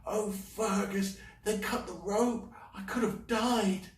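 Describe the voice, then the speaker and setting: Man doing a little girl voice, soft and slow, sensible kid, roomy echo. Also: high voice, steady tone, pitched above the performer's own voice. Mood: shaken. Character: small young girl, gentle and sensible. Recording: roomy, mic at a distance.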